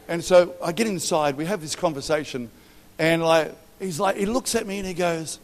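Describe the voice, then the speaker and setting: Australian pastor preaching in a big hall. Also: male voice, fairly high pitch, normal speed. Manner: animated, storytelling with acted quotes and humour. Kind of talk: sermon. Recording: long hall reverb.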